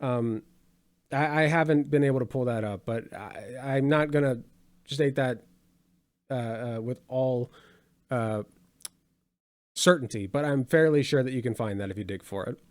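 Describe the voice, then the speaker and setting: A man's voice: mid-range voice, unhurried, long pauses, a little mellow. A man hosting a political commentary show, talking in a sarcastic, conversational way with dry asides.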